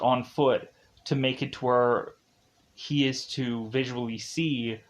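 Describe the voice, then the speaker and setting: A man walks through a film's plot in an unhurried, rambling recap. His delivery is loose and casual, with frequent "like" fillers. His pitch sits in an average range. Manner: rambling, heavy use of "like". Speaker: film reviewer.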